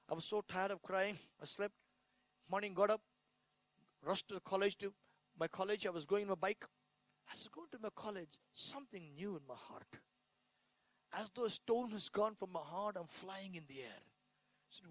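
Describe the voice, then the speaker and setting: A man with an Indian accent giving an emotional sermon testimony, repeating phrases and swinging between hushed and loud delivery. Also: sits high, moderate pace, no echo, low-quality recording. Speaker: preacher giving his testimony.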